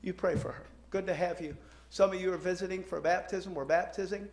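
A man's voice: high voice, steady tone, fairly quick. A man who is a pastor, chatting and joking with his congregation, then praying earnestly. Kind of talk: sermon announcements and prayer. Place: church sanctuary.

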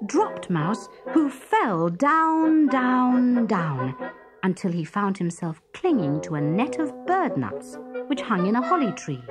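A woman narrating a children's story in a gentle, expressive storybook manner. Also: mid-range voice, measured pace. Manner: gentle, expressive read-aloud. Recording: music bed behind.

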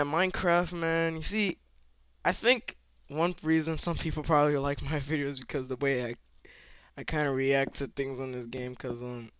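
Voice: mid-range voice, clean tone, dry recording. A gameplay commentator talking to viewers, reacting with panicky exclamations and repeating himself. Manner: excitable, panicky reactions, yelling at monsters; talks to viewers, repeats phrases. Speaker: gameplay video maker.

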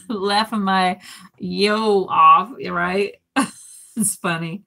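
During a casual live chat, a female host reads viewer comments aloud and laughs often. Her medium-pitched voice is steady and sharp, with vocal fry, and she speaks very slowly, pausing often.

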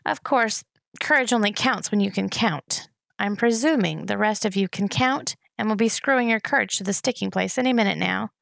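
Menacing sarcastic rat, male, gravelly edge, read by a woman. Mocking, theatrical. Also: mid-range voice, normal speed, a bit bright, no echo, clean studio sound.

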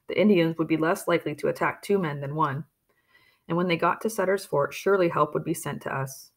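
A woman reading a storybook chapter aloud in a steady, plain manner, with occasional slips and restarts. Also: low voice. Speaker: audiobook reader. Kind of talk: storybook narration.

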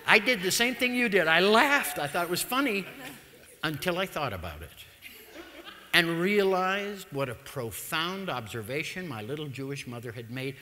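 A man, telling stories through a public talk in a humorous, animated manner. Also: fairly high pitch, normal speed. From United States. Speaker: lecturer. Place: lecture hall. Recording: long reverb of a lecture hall.

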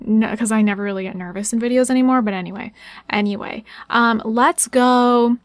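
A young woman giving casual, excitable gameplay commentary, talking fast and chatty as she plays. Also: a little high, no room sound, clean studio sound. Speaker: gaming YouTuber.

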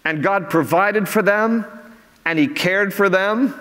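A man's voice: high-pitched, slow pace, a bit bright, long reverb tail. A man, preaching earnestly as a pastor and rising in emphasis on key phrases. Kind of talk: sermon. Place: church sanctuary.

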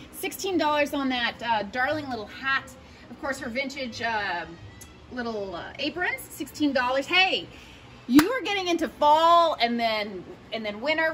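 A woman with a fairly high, slightly bright voice plays shop host, strolling casually through an antique shop. She lists the prices of sale items in a chatty, playful way, tossing in jokey asides as she goes.

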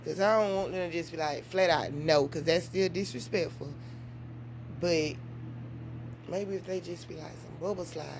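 Woman, mother vlogger, casual chat, animated, swings high and loud. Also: normal speed, noisy background. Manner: animated storytelling with big swings in pitch and volume.

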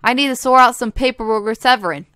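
A woman's voice: fairly high pitch, fast talker, sharp tone. A woman reading a terse, dry veteran male falcon lawyer from a game. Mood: calm.

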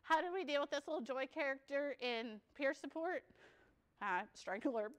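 A woman's voice: high voice, lively intonation, normal speed, fairly bright tone. A woman giving a peer support workshop at a conference, chatty and joking, laughing often. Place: conference session room.

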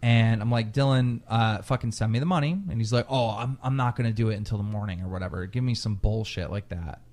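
Profane, animated man telling a story. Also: lowish voice, fast talker. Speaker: podcast host. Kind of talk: casual storytelling.

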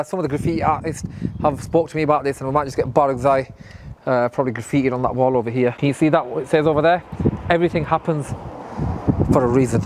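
A man hosting a casual vlog and giving an enthusiastic, rapid rundown of customized cars outside a showroom. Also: fairly high pitch, noisy background. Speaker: vlogger showing cars. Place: outdoors by a car showroom, then inside. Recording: music playing behind.

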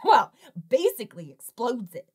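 Animated, sarcastic woman reviewing a film. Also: on the high side, normal speed, breathy edge. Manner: sarcastic, animated, jokey asides. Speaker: film reviewer and show host. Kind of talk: comedic scripted review narration.

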